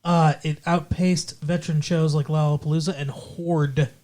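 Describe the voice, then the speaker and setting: A man's voice: on the high side, little pitch movement, normal speed, darkish tone. A man co-hosting a comedic podcast, playfully reading old entertainment news aloud and chatting with his fiancée. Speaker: podcast co-host. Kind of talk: comedic podcast chat in 1998 character.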